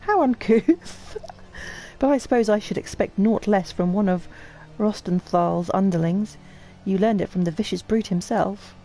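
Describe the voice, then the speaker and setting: A woman voicing a haughty, pompous official who speaks in a lofty, drawn-out way. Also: mid-range voice, mellow, close to an everyday voice, low-quality recording.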